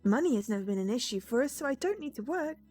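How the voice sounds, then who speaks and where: A woman's voice: fairly high pitch, expressive, fast talker, a little mellow, soft background music, pitched above the performer's own voice. A woman voicing an earnest sixteen-year-old girl and her narration in a visual novel.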